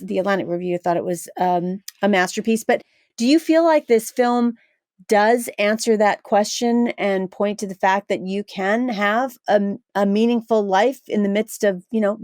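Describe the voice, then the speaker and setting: A woman's voice: medium pitch, darkish tone, no echo. Woman host posing a thoughtful question, dry sound. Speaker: podcast host and interviewer. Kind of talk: podcast interview question.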